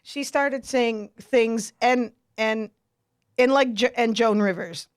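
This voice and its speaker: Animated storyteller woman, dry close mic. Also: a little high, slow, clean tone, no room sound. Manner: animated, laughs a lot, acts out quotes. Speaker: podcast host. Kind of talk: casual storytelling chat.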